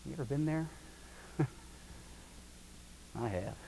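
Folksy preacher in a reverberant hall. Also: male voice, mid-range voice, slow, gravelly. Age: middle-aged. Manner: folksy, animated, shifts from loud preaching to hushed storytelling. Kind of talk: sermon with storytelling. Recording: reverberant hall with faint hiss.

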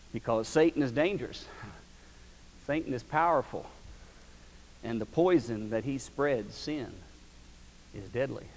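A man's voice: mid-range voice, darkish tone, long reverb tail, a little hiss or hum, rough recording. A man preaching a sermon as pastor, telling stories in a folksy, emphatic way.

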